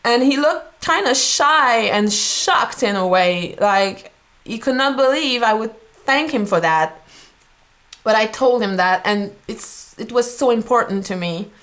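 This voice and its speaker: Young woman, slow unhurried pace, halting, laughs a lot, emotional vlog reaction. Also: a little high, lively intonation, fairly bright tone. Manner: slow, halting, laughs often, moved and speechless. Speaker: portrait artist reacting to an old video.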